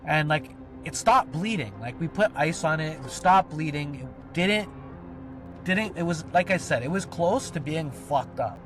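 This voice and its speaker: A man's voice: on the high side, animated, measured pace, music in the background. A man telling a personal story on a podcast, rambling and swearing, with lots of filler words. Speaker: podcast co-host. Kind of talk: casual storytelling.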